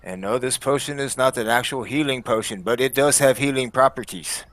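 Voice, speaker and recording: A man voicing a gruff, blunt male dwarf cleric who is questioning a witness forcefully in court. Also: medium pitch, brisk, natural voice. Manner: forceful, interrogating.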